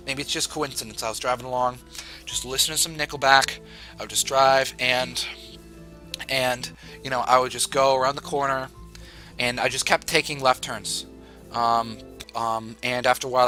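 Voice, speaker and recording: A man's voice: medium pitch, pushed and bright. A young man telling a long story on a livestream, rambling and swearing a lot. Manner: rambling, profane, restless.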